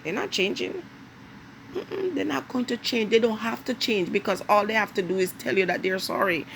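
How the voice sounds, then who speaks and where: Gravelly and animated, this woman's mid-range voice carries a Jamaican accent over slight background noise. She vlogs directly to camera in a lecturing, emphatic style, pressing hard on drawn-out key words.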